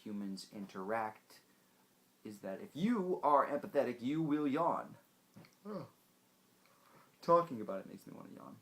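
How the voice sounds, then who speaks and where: A young man hosting a casual science explainer video, joking and animated as he talks straight to the viewer. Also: lowish voice, normal speed, pauses often.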